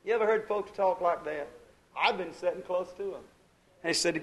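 A man preaching a sermon, folksy and exuberant, swinging from hushed asides to shouted praise. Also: sits high, normal speed, poor audio. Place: church service.

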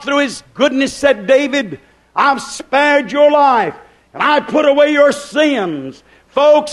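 A man preaching a sermon, stretching his phrases and rising to shouted peaks. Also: very high-pitched.

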